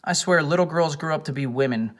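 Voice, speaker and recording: Man doing a soft, teasing young mother. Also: on the high side, quick pace, close to an everyday voice. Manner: soft, gently correcting. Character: caring, witty young mother. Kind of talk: audiobook character voice.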